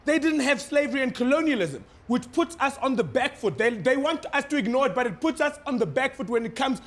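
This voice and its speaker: An actor playing a cheeky, mock-serious foreign correspondent with a South African accent in a satirical news sketch, delivered deadpan. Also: male voice, very high-pitched, a little fast. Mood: wry.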